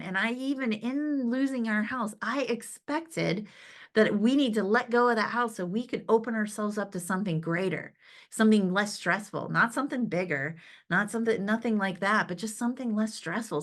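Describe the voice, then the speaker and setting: A woman's voice: medium pitch, a bit bright. A woman giving an upbeat motivational talk to a sales team, chatting casually and often checking in with "right?". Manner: conversational and upbeat, with frequent "right?" asides and laughs; acts out remembered conversations.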